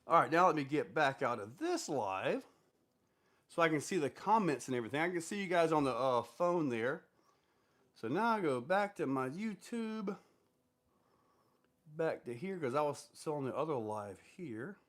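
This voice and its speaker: This man's voice sits on the high side, sing-song and fairly bright, at a normal speed. Hosting a casual live stream, he reads viewer comments out loud and replies in a meandering way, using lots of fillers.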